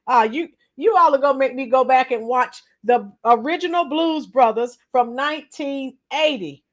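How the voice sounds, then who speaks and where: A middle-aged woman hosting a casual livestream, greeting viewers by name, her voice a little strained and clearing her throat often. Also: sits high, normal speed. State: slightly strained voice after a week of teaching. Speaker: livestream host. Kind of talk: casual live chat with viewers.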